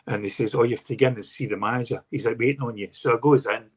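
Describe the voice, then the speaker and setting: A man's voice: mid-range voice, steady tone, very fast, slightly rough. A man who works as a pest control expert, a podcast guest who tells work stories with many repeated words and restarts. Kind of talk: casual storytelling chat.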